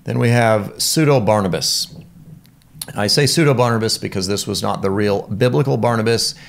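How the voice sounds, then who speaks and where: A middle-aged man teaching a Bible lesson, his low voice carrying a gravelly rasp. He explains each point with earnest emphasis and leans into the quotes he reads aloud, in the steady manner of a classroom lecture. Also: moderate pace. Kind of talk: lecture on church history.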